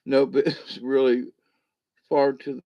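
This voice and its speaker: A man hosting a casual late-night livestream, rambling and chuckling while a little high. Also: flat delivery, takes it slowly, dull audio. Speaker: livestream host.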